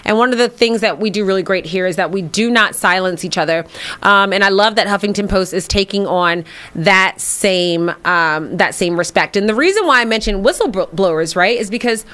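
A woman's voice: medium pitch, normal speed, fairly bright tone. A woman hosting a radio talk show, outspoken and teasing, chatting casually with a co-host.

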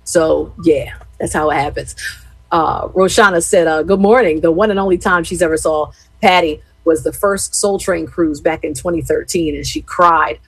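A woman in her fifties from Philadelphia, chatting casually with her live-stream viewers as an animated, expressive storyteller. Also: deep voice, slightly rough, no echo, low-quality recording. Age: 50s.

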